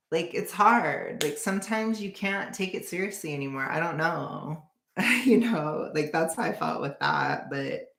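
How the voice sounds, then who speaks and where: Low creaky-voiced woman streamer. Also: fairly bright tone. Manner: blunt and sarcastic, laughs often. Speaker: streamer reacting to another stream. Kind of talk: casual livestream chat, reading viewer comments. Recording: echoey room.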